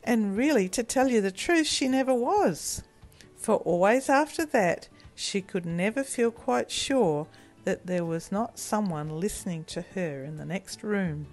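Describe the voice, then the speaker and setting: A woman reading a children's storybook aloud in a gentle, expressive way. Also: mid-range voice, a little slow, faint music behind.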